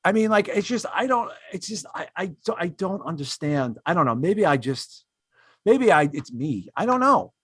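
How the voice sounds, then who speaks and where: This comedy podcast host speaks high with big pitch swings at normal speed, his tone a bit bright and slightly rough. He rants in an exasperated, casual way, with lots of fillers and restarts, and mocks others in put-on voices when quoting them. There's no echo, and the sound is studio quality.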